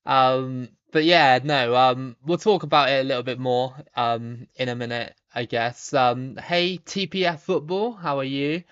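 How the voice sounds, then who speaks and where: A man's voice: mid-range voice, unhurried, few pauses, clear, resonant tone. Chatty Somerset man streaming, lo-fi sound. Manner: relaxed, chatty, frequent ums and repeated starts, laughs easily. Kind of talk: casual live-stream chat reading viewer comments.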